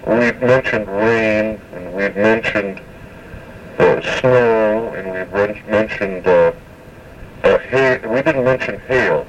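A man giving a spoken language lesson, slowly and carefully repeating words to show their pronunciation, with many hesitations. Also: lowish voice, recorded from a distance, a little hiss or hum, poor audio. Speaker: language teacher.

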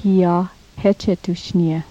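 A woman teaching a recorded language lesson, saying each phrase slowly and repeating it for practice, on a dull lo-fi cassette tape. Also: fairly low pitch, level tone, warm tone.

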